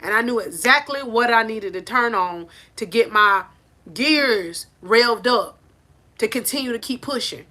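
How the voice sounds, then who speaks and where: Woman preaching motivation into her phone on the porch, bright and a bit high, keeps saying it with emphasis. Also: animated, measured pace. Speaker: life coach. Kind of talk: motivational talk to camera. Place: on a porch outdoors. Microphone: phone held in hand.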